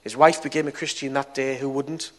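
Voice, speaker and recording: Preacher telling a testimony. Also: male voice, medium pitch, steady tone, fairly quick. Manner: storytelling, swings from soft to loud. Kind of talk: testimony sermon.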